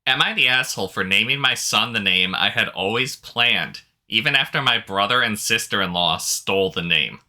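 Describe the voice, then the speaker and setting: A man with a low, strikingly bright and forceful voice reads out stories in a relaxed, easygoing way. He chuckles often as he co-hosts a casual chat. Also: moderate pace, few pauses. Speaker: podcast co-host reading posts.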